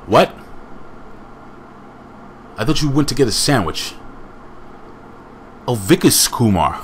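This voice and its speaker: A man's voice: mid-range voice, big pitch swings, a little slow, long pauses, a little hiss or hum. A man casually reviewing a wrestling show, rambling with joking asides and chatting to a friend off camera.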